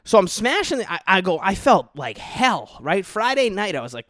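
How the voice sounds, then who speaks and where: A man's voice: high-pitched, big pitch swings, moderate pace, few pauses, pushed and bright, no echo, clean studio sound. A young man hosting a casual solo podcast from home, brash and profane, rambling with lots of "dude" and "okay". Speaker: comedian podcast host. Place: his own home.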